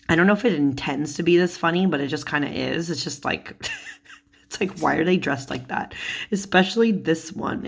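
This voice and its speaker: Young woman, low voice, giggly and chatty, lots of likes, showing off cards to the camera. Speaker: tarot YouTuber. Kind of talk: casual chat showing cards.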